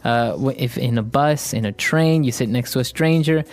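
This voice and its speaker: A man's voice: medium pitch, normal speed, a little mellow, dry recording. A man co-hosting an English-learning podcast, explaining small talk in a conversational way with occasional fillers. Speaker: podcast co-host, English teacher.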